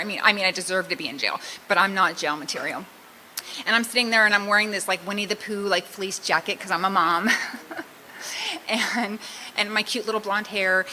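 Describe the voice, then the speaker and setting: A woman's voice: on the low side, sharp tone, a little hiss or hum, poor audio. A middle-aged woman from Southern California sharing her recovery story in a candid, self-mocking way, often laughing at herself. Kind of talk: personal testimony talk.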